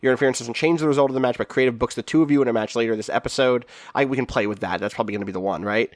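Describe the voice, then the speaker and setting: A man's voice: mid-range voice, rapid-fire, no echo, clean studio sound. A man with a runny nose narrating as game master, rambling with lots of fillers and laughs.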